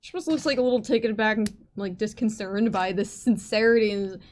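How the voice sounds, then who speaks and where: A woman's voice: mid-range voice, fairly quick, a little mellow. A woman player casually describing her character's actions in a tabletop game. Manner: casual, filler-laden narration. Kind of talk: tabletop role-play.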